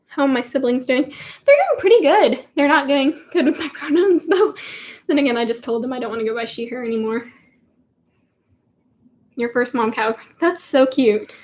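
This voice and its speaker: A woman's voice: sits high, fairly even intonation, normal speed, pauses often. A teenage girl rambling in a giggly, chatty way while answering viewer questions on a casual livestream. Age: teens. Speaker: livestream host. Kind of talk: casual live Q&A chat.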